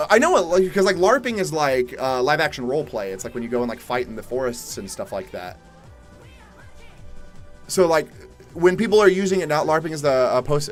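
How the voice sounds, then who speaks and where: A young man from Atlanta, Georgia, chatting casually on a live stream, reading viewer questions and answering in a laid-back way, with the odd swear word and loud exasperated outbursts. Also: medium pitch. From Atlanta, Georgia, USA. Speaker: livestream host. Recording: faint music behind.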